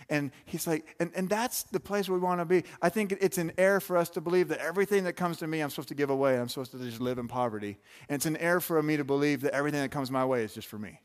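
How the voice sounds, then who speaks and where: A man's voice: fairly high pitch, very fast, hardly any pauses. A man preaching a sermon in a loose, conversational way, full of asides and restarts. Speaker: pastor.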